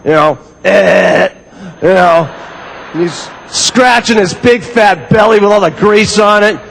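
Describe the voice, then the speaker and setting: A man with an unusually high voice delivers a lively sales speech. He tells an anecdote with theatrical flair and a storyteller's timing. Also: unhurried, creaky, big-room sound, a little hiss or hum, rough recording. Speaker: motivational speaker. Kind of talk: animated sales speech with acted scenes.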